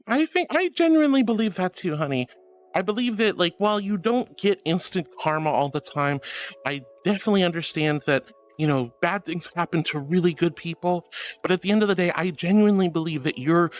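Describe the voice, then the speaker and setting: A woman live-streaming, gushing affectionately and giggling as she thanks her viewers in a soft, sweet way. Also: deep voice. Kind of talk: casual live-stream chat.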